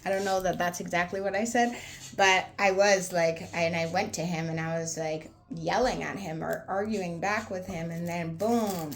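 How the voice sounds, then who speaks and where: A young woman with a low, gravelly voice tells her own story in a blunt, profane, unfiltered way. She rambles casually, leaning on fillers as she talks. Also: steady tone, moderate pace, faint music behind. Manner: rambling, with many fillers like "like" and "anywho". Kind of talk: candid personal storytelling.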